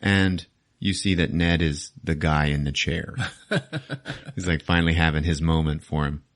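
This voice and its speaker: Casting: deep-voiced male podcast host, laid-back crude storyteller who keeps chuckling. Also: fairly even intonation, measured pace. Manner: crude, laughing, swearing storyteller. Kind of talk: comedic movie recap.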